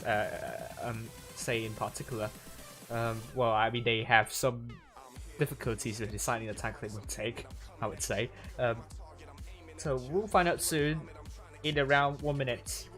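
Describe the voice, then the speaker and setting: A man casting an esports match on a livestream, his pitch sitting in an ordinary middle range. He talks in a loose, rambling way, stumbling over words and restarting often. Faint music plays underneath. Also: fairly bright tone. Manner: rambling, halting, many fillers and restarts. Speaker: stream caster. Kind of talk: live esports commentary.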